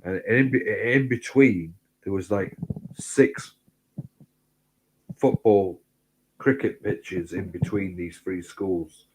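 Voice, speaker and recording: A man telling rambling, sweary anecdotes in casual chat, getting louder as the story builds. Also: takes it slowly, long pauses, a little hiss or hum, rough recording. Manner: sweary rambling anecdotes, gets loud and high when excited. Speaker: host.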